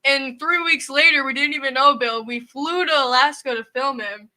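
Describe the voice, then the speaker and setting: Bright, high-voiced young woman. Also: normal speed. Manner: emotional, rambling storytelling with laughs. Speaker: co-host. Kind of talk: casual livestream chat.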